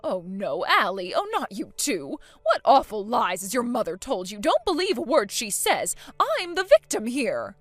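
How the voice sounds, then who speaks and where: A self-righteous older grandma scolds in a loud, haughty voice, as a woman puts her on. Her pitch climbs high and jumps around with every accusation. Faint music plays underneath. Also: big pitch swings, moderate pace, few pauses, no echo. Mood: wheedling.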